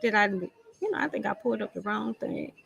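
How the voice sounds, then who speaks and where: A woman's voice: medium pitch, lively intonation, a little fast, creaky, highs cut off, noisy background. A woman hosting a live show, chatty and self-teasing, reading out deals and events and thinking aloud as she goes. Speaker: show host. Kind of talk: casual live-stream announcements. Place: lounge studio.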